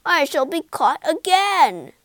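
Storybook toad, male, vain and blustering, voiced a little low by a woman. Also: huge pitch swings, very slow, no echo, full character voice. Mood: wailing. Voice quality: pompous, blustering. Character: boastful vain male toad, pompous and excitable.

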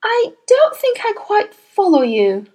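Gentle kindly teacher, as a woman reader voices her. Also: very high voice, takes it slowly, pitched above the performer's own voice, heavily acted. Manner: gentle, calm and patient. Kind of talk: storybook reading.

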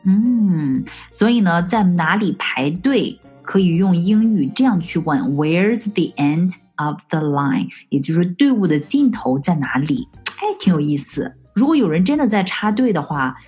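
Woman host, breathy tone, explains and repeats phrases, lesson podcast. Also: on the low side, lively intonation, a little mellow, soft background music. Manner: explains each phrase, repeats English slowly, asks follow-up questions. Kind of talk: bilingual language-lesson podcast hosting.

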